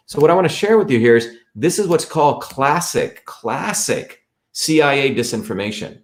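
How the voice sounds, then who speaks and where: A man's voice: medium pitch, animated, moderate pace. A man hosting a live stream, talking emphatically and repeating his points as he walks viewers through a website. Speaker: host.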